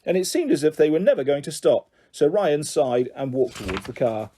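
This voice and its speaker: Brief: male children's audiobook narrator, animated delivery, mellow tone. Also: a little high, a little fast, slight background noise. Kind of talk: storybook narration.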